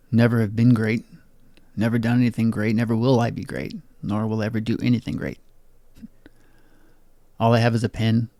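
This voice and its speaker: A young man reading his own poetry aloud in a low-key, bitter spoken-word delivery. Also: vocal fry, mellow, dry recording. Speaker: poet.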